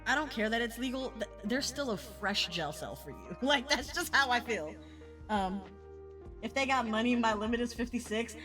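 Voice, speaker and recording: A woman streaming a game, excitable and swearing, with loud outbursts and giggles, saying she is high. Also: normal speed, faint music behind. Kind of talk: casual gameplay streaming.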